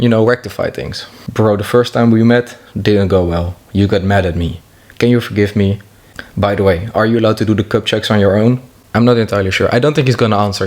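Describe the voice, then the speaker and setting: A young man narrating a comedic vlog in a jokey, deadpan way, with asides to himself. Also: on the low side. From half French. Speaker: YouTuber.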